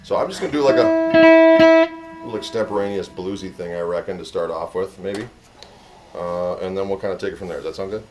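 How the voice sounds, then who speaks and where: A man's voice: low voice, fast, loud music behind the voice. Rambling middle-aged male guitarist. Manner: rambling, conversational, full of "you know". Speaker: guitarist demoing pickups. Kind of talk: casual storytelling and demo talk.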